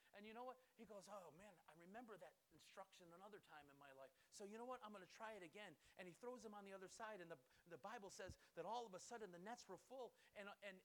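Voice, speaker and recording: A male pastor preaching a sermon, telling stories in an animated way, often restarting and repeating words. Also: high voice.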